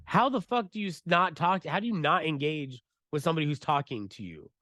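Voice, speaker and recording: A man co-hosting a podcast, telling a story in a casual, profane, animated way and laughing as he goes. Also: a little high, fast, dry recording. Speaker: podcast co-host.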